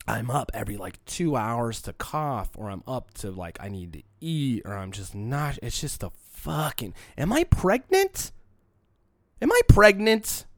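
A man's voice: on the low side, lively intonation, moderate pace, few pauses, no room sound. Man, young adult, sick with a cold, podcast host, rambling, profane, candid, dry sound. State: sick with a cold, congested and coughing. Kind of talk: solo podcast monologue.

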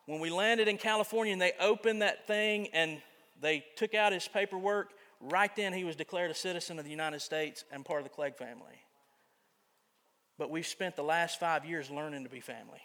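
Bright-voiced earnest pastor preaching. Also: male voice, fairly high pitch, fairly quick. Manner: earnest, swinging between loud emphasis and quiet confiding. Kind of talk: sermon. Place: church sanctuary. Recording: long church reverb.

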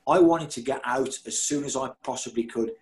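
A man's voice: mid-range voice, a little fast, rough recording. Blunt self-mocking man. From Birmingham, England. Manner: blunt and self-mocking, laughing at himself, swearing freely. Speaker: former footballer telling his story. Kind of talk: candid storytelling.

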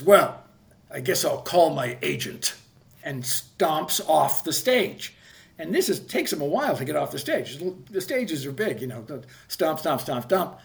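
A man in his sixties spins a casual backstage anecdote as a podcast guest. His voice sits a bit high for a man and carries a gravelly fry. He rambles, corrects himself mid-sentence and swears freely.

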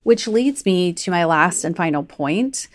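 A woman health coach with a lowish voice chats through a podcast, peppering her talk with "like" and acting out little inner voices. The sound is dry and close, with no room around it. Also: animated, unhurried, no echo. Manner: chatty, frequent "like", acts out inner voices. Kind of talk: conversational podcast teaching.

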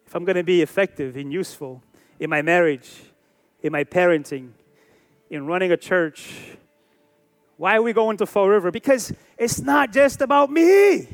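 A man's voice: high-pitched, lively intonation, normal speed, faint music behind. A pastor in his forties preaching a sermon with emphatic, repeated phrases and rhetorical questions. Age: 40s.

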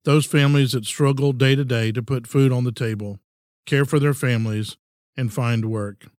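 A man's voice: medium pitch, steady tone, moderate pace, darkish tone, dry recording. Earnest older man, dry close mic. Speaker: podcast host. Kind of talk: reflective scripted monologue.

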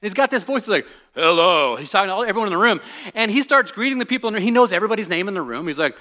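High, bright-voiced man preaching casually. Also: very fast. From United States. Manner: animated storytelling, drops to a hushed voice on serious points, many restarts. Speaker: pastor. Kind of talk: conversational sermon.

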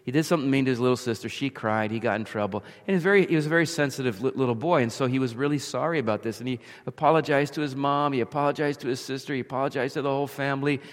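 A man's voice: medium pitch, fast, few pauses. A man preaching an earnest sermon, paraphrasing scripture as heartfelt prayer and telling everyday stories. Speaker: pastor. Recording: long hall reverb.

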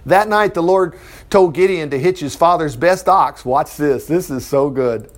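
A middle-aged man preaching, reading a Bible story aloud and breaking off with chuckling, animated commentary. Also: on the high side, measured pace. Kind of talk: Bible reading with lively asides.

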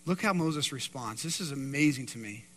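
A man preaching a sermon in a church, swinging between loud emphatic stretches and hushed quiet passages. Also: medium pitch, lively intonation, moderate pace. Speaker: pastor. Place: church sanctuary. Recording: reverberant hall.

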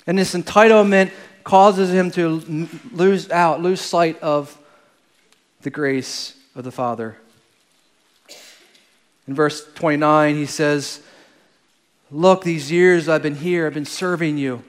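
A man preaching a sermon in an earnest, halting way, with frequent restarts and phrases that trail off quietly. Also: on the high side, fairly even intonation. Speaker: pastor.

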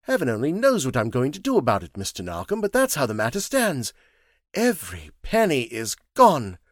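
A man's voice: medium pitch, huge pitch swings, moderate pace, dry recording, clean studio sound. A man voicing an anxious middle-aged male bank manager in an audiobook, speaking earnestly and with agitation. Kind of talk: audiobook character reading.

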